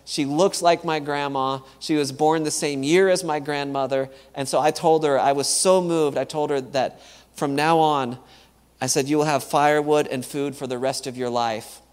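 A man's voice: on the high side, steady tone, moderate pace, smooth, in a large hall. A man giving an earnest church talk about mission work, telling stories and often repeating words as he goes. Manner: earnest, repeats words, acts out quoted dialogue. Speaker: missionary speaker.

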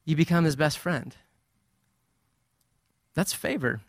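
A man delivers a sermon with a slightly high voice, talking to the congregation like friends, animated and playful. The sound is dry and close, with no room echo. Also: slow pace. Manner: conversational, animated preaching with playful asides. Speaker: pastor.

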